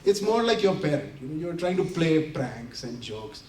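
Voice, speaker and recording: Brief: man, speaker at a community center, animated storyteller who laughs through the punchlines; recorded from afar in an echoey hall. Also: on the high side, normal speed, a little hiss or hum. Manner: animated, laughing often while acting out quotes. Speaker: invited speaker. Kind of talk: storytelling talk to an audience. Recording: roomy hall from a distance, faint ambience.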